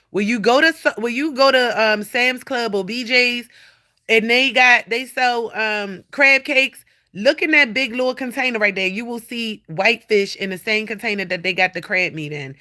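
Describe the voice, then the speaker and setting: A woman hosting a casual livestream from home, animated, blunt and profane as she talks straight to her viewers. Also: a little high, normal speed. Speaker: livestream host. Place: at home indoors.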